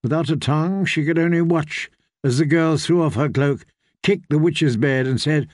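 A man reading a fantasy novel aloud in measured storytelling narration. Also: fairly high pitch, no room sound, studio quality. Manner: measured storytelling, voicing characters. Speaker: audiobook narrator.

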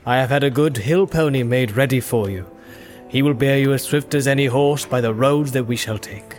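A man voicing an aged, gracious king who speaks in formal, measured tones, in an audiobook reading. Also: medium pitch, soft background music, lightly acted.

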